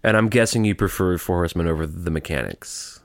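A man co-hosting a podcast, chiming in with quick jokes and eager questions. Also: low-pitched, no echo, studio quality. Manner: joking, eager interjections. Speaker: podcast co-host. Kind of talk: casual chat.

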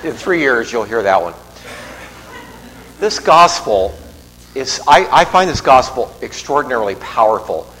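A man's voice: medium pitch, big pitch swings, measured pace, pauses often, a bit bright. Man, priest, homily, conversational asides, faint hum, echoing church. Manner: conversational, digressive, with restarts and asides. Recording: long reverb in a large church, faint hum.

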